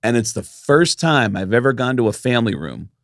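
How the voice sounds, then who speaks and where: A middle-aged man on a podcast tells a rambling story with real energy. His pitch jumps up whenever he quotes someone, and he drops in casual swearing. The sound is dry and close, with no room around it. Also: animated, a little fast, dry recording. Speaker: podcast co-host.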